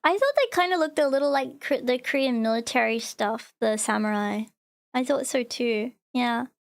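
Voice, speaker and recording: A woman with an Australian accent talks in a high, bright-pitched voice, chatting loosely on a live stream. She rambles from thought to thought and fills the gaps with "like" as she reacts to her chat. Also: lively intonation, normal speed, gravelly. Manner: rambling, chatty, full of "like" fillers, reads chat aloud. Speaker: VTuber streamer.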